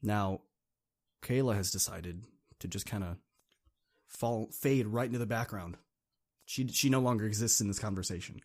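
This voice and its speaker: A man's voice: fairly low pitch, moderate pace, long pauses, a little mellow. Brief: male podcast host, casual chatty second-person storytelling.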